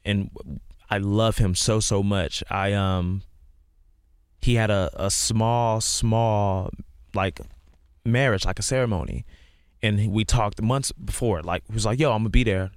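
Earnest low-voiced man talking. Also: steady tone, takes it slowly, pauses often, clean tone, no echo, clean studio sound. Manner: earnest, rambling, heavy use of "like". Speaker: guest musician. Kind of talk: casual podcast interview.

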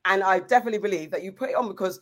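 A woman's voice: medium pitch, racing. Woman, podcast co-host, casual chat, emphatic, opinionated. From England. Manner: emphatic, opinionated, rhetorical questions.

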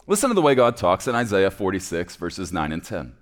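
A man preaching a sermon in a church, playful, swinging between loud emphasis and hushed asides. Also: low-pitched, wildly swooping pitch, a little fast. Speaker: pastor.

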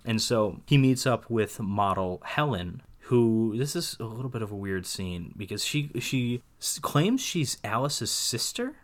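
A man with a low voice talks through a film in a loose, chatty podcast style. He rambles, laughs often and breaks into animated asides as he goes. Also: a little slow, hardly any pauses. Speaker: podcast co-host. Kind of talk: casual film discussion.

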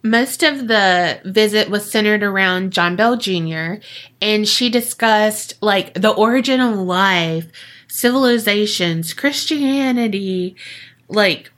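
A woman hosts a podcast and tells a creepy tale in loose, profane, joking chat. Her voice is bright and forward, and she talks at an unhurried pace, scattering "like" through her sentences. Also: medium pitch. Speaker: podcast host. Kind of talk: casual storytelling chat.

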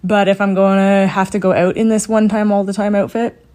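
A woman's voice: mid-range voice, level tone, fairly quick, mellow. A woman co-hosting a podcast, giving breezy, short answers in casual chat. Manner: breezy, brief answers with laughs. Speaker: podcast co-host.

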